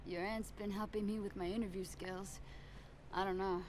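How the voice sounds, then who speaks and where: Actress as a hesitant woman job-seeker, mid pitch. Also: flat delivery, normal speed, a little mellow, slight background noise, lightly acted.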